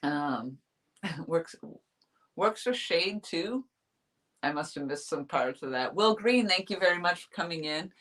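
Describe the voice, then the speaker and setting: A woman's voice: deep voice, normal speed, a bit bright. A woman from New Hampshire chatting casually on a live stream as a fishing vlogger, rambling and laughing often as she reads the chat.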